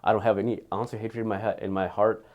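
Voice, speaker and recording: Deep, fast-talking man giving a testimonial. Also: flat delivery, phone-quality sound. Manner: halting, repeats words, earnest. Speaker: dental patient giving a testimonial. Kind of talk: candid spoken testimonial.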